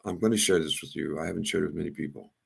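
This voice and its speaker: A man telling a rambling personal story, halting and repeating himself as he goes. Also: low-pitched, gravelly, breathy edge. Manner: halting, repeats and restarts words.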